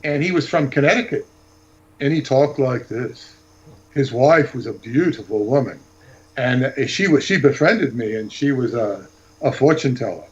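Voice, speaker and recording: A man's voice: mid-range voice, animated, normal speed, dull audio. A man talking as a guest author, telling rambling, digressive anecdotes in casual chat.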